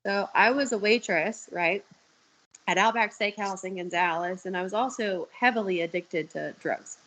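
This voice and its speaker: A woman's voice: medium pitch, normal speed, a bit bright, slight background noise, poor audio. A young woman talking candidly on a video call, telling stories and swearing freely. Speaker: guest. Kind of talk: casual chat.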